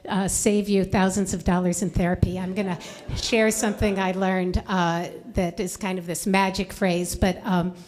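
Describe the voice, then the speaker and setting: A woman's voice: mid-range voice, a little mellow. A woman in her fifties telling a personal story to a live library audience, chatty and full of fillers and restarts. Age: 50s. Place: library event before an audience.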